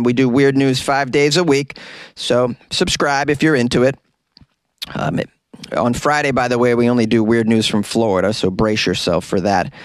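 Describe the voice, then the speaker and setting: A man's voice: mid-range voice, no room sound. Male podcast host, dry closet sound, wry comic news delivery, mock exasperation. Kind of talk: comedic news monologue.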